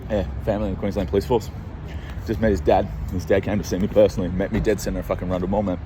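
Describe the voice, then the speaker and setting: A deep-voiced Australian man talks into his phone while pacing a city street, rambling and agitated with constant swearing. He sounds scared and jittery, with faint traffic behind him. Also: flat delivery, rapid-fire. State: scared and on edge. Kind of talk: rambling monologue to camera.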